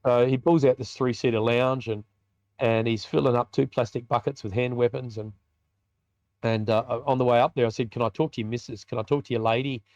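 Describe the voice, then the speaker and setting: An Australian man of middle pitch recounts a personal story as a podcast guest. He is colloquial and vivid and acts out the conversations. The recording is dry and slightly muffled. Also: fairly even intonation, a little fast, a little mellow, dry recording. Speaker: podcast guest, biker ministry leader.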